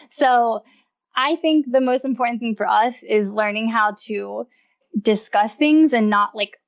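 A woman appears as a podcast guest in casual conversation, talking freely, constantly saying "like" and laughing often. Her voice is on the high side and she takes her time, with a lo-fi quality to the recording.

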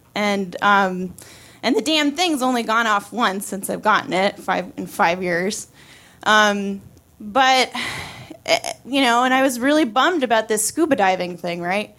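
A woman of about thirty tells a personal story on stage in a casual, wry way, full of fillers and quick restarts. Her voice sits at an ordinary middle pitch for a woman, neither high nor low. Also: fairly bright tone.

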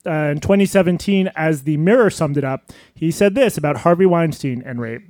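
Dry-witted male co-host, high voice. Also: a little fast, a little mellow, no room sound. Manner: dry, wry, conversational. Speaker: podcast co-host. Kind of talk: live podcast, reading quotes aloud. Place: live venue stage.

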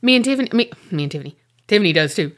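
A woman co-hosting a podcast, telling a rambling story in animated casual chat, swearing and laughing often. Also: medium pitch, rapid-fire. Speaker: podcast co-host.

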